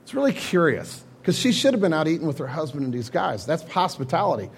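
A man's voice: fairly high pitch, fast, gravelly, slight background noise. A man preaching a sermon, retelling scripture in a loose, conversational way. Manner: casual storytelling preaching, animated retellings. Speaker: pastor.

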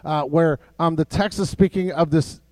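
A man preaching a sermon as pastor, in a conversational way with many fillers and restarts, dropping soft and low for emphasis. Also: fairly even intonation, normal speed, no room sound.

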